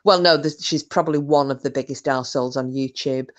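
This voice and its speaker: A woman's voice: rumbling low, fast talker, low-quality recording. A woman hosting a casual livestream, telling gossip with lots of swearing and laughter. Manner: animated gossiping storyteller, swearing, laughing often. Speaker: livestream host.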